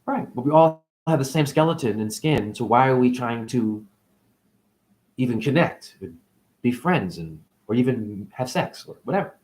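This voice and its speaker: Cussing guy ranting about spiritual stuff, jokey, loud then muttering. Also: medium pitch, lively intonation, moderate pace. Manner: swings between loud rants and murmurs; profane, jokey. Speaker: spiritual talk host. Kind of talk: rambling profane monologue.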